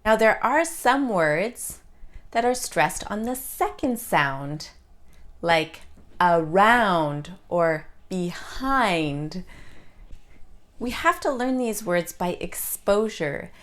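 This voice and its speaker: Very slow-speaking woman teaching pronunciation. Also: fairly high pitch, sing-song. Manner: slow, deliberate, stressing each example word. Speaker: English teacher. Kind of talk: pronunciation lesson.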